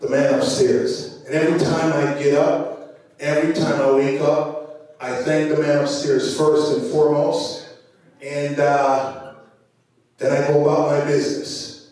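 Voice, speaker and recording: A man's voice: fairly high pitch, flat delivery, unhurried, long pauses, darkish tone, far from the mic. A man with a Jamaican accent giving a conversational motivational speech at a conference, with many fillers and repeated words. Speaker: conference speaker. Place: large conference hall. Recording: very echoey hall, voice from afar.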